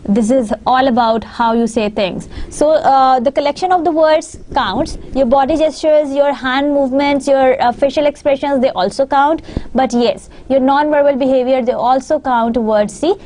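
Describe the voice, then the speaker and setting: A woman's voice: sits high, moderate pace, mellow, slight background noise. A woman with a Pakistani English accent giving a recorded university lecture, explaining patiently and often recapping her points.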